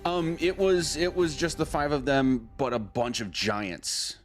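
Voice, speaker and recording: A man's voice: mid-range voice, unhurried, soft background music. A man acting as game master, casually and patiently explaining what the players know, laughing often. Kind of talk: casual chat among players.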